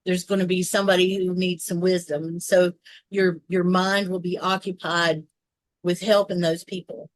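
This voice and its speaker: A woman's voice: fairly low pitch, little pitch movement, moderate pace, no echo. A woman with a Southern US accent, co-hosting a casual chat, rambling through long explanations with restarts and asides. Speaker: co-host.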